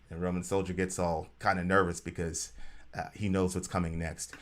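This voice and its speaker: Man, livestream co-host, preachy commentary, bright tone, acts out voices. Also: deep voice, expressive, a little fast. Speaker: show co-host.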